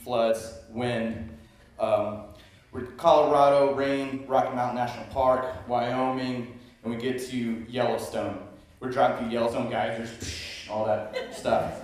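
A man from Texas telling a personal travel story on stage, easygoing and wry. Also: mid-range voice. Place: stage at a live storytelling event. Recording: echoey hall, distant mic, faint noise.

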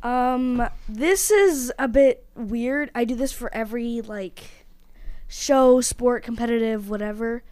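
Excitable joking woman, high voice, dead dry sound. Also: takes it slowly, smooth, no echo. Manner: excitable and jokey. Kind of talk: casual chat.

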